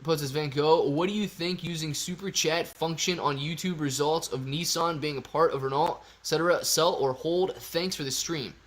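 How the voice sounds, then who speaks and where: Man, live-stream host, slightly high voice, excitable, slangy, loud bursts. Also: normal speed, few pauses. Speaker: livestream host reading viewer super chats. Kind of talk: casual live-stream chat.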